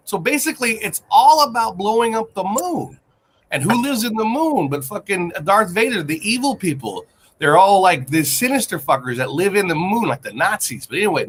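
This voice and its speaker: A man's voice: sits high, sing-song, normal speed, a bit bright, a little hiss or hum. A man co-hosting a podcast in casual chat, rambling and swearing as he spins a mock conspiracy theory. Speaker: podcast co-host.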